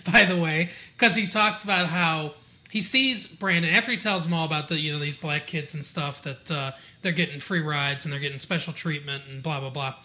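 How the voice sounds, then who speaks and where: Bright-voiced man chatting casually. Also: fairly high pitch, fairly quick. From Michigan. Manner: rambling, frequent fillers and asides. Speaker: podcast co-host. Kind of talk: casual chat recapping a TV episode.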